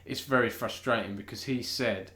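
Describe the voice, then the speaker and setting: British male esports news host, middle pitch, chatty and stop-start, roomy echo. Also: normal speed, pushed and bright. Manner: chatty, self-interrupting, thinks aloud. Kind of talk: casual live-stream news chat.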